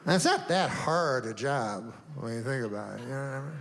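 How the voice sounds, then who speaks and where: A man doing a stand-up routine, deadpan and rambling, with long meandering setups and offhand asides. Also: mid-range voice. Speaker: stand-up comedian. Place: comedy stage before a live audience. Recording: live room reverb, faint ambience.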